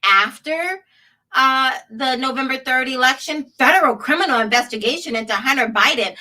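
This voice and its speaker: A woman's voice: high-pitched, normal speed, sharp tone, recorded from a distance, rough recording. A woman hosting a political commentary show, sarcastic and laughing often as she reads headlines aloud. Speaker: show host.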